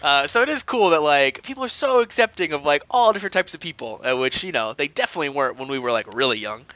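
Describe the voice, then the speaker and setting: A man's voice: a little high, lively intonation, fast, bright, forceful tone, no echo. A man in his thirties co-hosting a podcast, telling stories in a rambling, filler-heavy casual chat. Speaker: podcast co-host.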